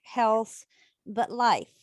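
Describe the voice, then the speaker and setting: A woman on a group video call, reflecting thoughtfully with frequent pauses and fillers. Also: on the high side, big pitch swings, no room sound. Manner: reflective, hesitant with many fillers. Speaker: member of an online business group.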